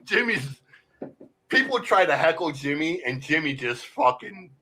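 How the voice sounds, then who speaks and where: A man in casual podcast chat, telling stories in a rambling, excited way, full of "like" and "bro" and swearing. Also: fairly high pitch, measured pace, a little hiss or hum.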